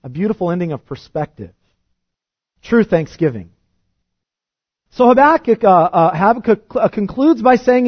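Earnest high-voiced male preacher, dull recording. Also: animated, moderate pace, long pauses, slightly rough. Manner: earnest, rises to emphatic peaks then drops soft and low. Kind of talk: sermon.

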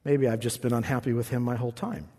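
A man preaching a sermon as pastor, moving from quiet, reflective talk to loud, shouted passages. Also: medium pitch, steady tone, fast talker. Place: church. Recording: long reverb in a church hall.

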